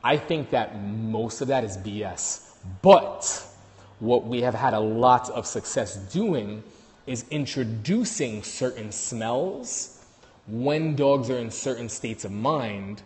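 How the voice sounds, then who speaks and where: A man's voice: medium pitch, animated, slow, darkish tone, big-room sound. A man with a New York accent, a dog trainer hosting a casual livestream on his phone, talking loosely with many fillers and restarts.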